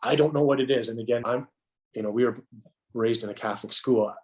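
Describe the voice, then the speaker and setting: A middle-aged man, a podcast guest, tells an emotional personal story in a halting way, restarting and repeating words with many fillers. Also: mid-range voice, a little mellow.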